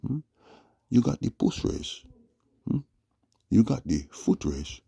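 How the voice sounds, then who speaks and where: A man's voice: mid-range voice, sing-song, slow, gravelly, warm tone, slightly rough. A man giving mocking casual commentary on a livestream, tagging his points with "huh?". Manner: mocking, with frequent "huh?" tags. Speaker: online commentator.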